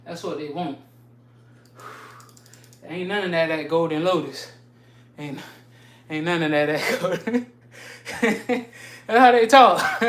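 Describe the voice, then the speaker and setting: A woman's voice: fairly low pitch, takes it slowly, long pauses. A woman streaming a workout live, counting her push-up reps aloud, winded and sighing between sets, trading slangy trash talk. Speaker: fitness streamer. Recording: echoey room, far from the mic.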